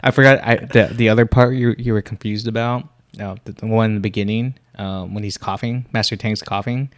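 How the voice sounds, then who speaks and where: A man with a lowish voice chats casually on a podcast. He chuckles a lot and stumbles through false starts as he recalls scenes. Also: fairly even intonation, brisk, dry recording, clean studio sound. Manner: chuckling, fills in plot details with false starts. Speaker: podcast co-host. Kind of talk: casual movie recap chat.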